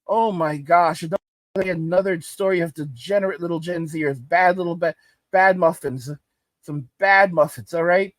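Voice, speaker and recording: A man's voice: a little high, moderate pace, dry recording. A man hosting a commentary channel, ranting emphatically and repeating his points. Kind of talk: reaction commentary.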